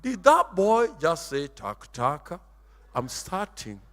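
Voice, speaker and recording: A man preaching a sermon, emphatic and theatrical, dropping into Swahili, shouting and turning sing-song. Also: sits high, huge pitch swings, takes it slowly, long reverb tail. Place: church hall.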